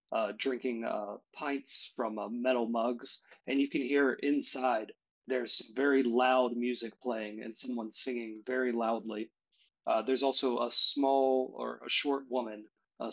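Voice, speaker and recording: A man narrating a tabletop game as game master, relaxed and full of fillers, now and then correcting himself. His pitch is middling, and the audio is dull and lo-fi, like a home stream.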